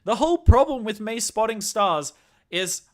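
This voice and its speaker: An Australian man chatting casually on a live game stream, answering viewers' questions and thinking out loud. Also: high-pitched, lively intonation, normal speed.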